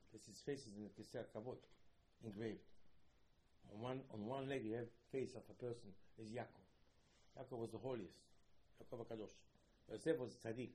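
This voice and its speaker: A man teaching a lively Torah class, asking his listeners rhetorical questions and acting out quoted dialogue with sudden loud, high outbursts.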